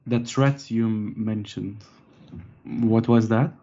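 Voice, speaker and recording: A player questions someone in character at a tabletop game, speaking slowly and laughing between lines. The voice sits in a middle pitch and comes through a dull, lo-fi microphone. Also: fairly even intonation, dark tone. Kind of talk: in-character tabletop role-play.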